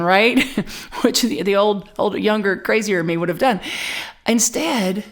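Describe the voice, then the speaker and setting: A middle-aged woman minister preaching a sermon, telling a personal story with lively, animated delivery and frequent repeats and restarts. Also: mid-range voice, a little slow. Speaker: spiritual community minister.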